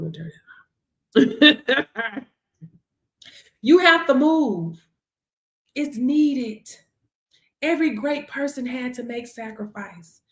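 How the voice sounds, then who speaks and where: Woman, fairly high voice, animated motivational faith talk, frequent laughter, echoey room. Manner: animated, preachy, laughs often, calls listeners baby. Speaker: live stream host. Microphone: device camera.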